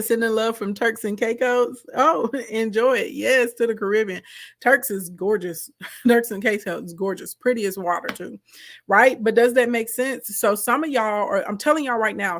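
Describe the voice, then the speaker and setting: A woman's voice: mid-range voice, a bit bright. Emphatic woman coaching on a live stream. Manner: direct, emphatic, chatty, reads viewer comments. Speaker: host, content coach.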